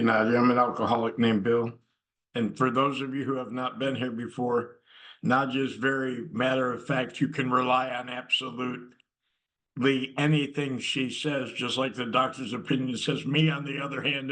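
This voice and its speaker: A man co-leads a recovery meeting over a video call. He speaks in a wry, conversational tone at an average pitch, easing from joking asides into his story. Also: steady tone, moderate pace, fairly bright tone, poor audio. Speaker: meeting co-leader.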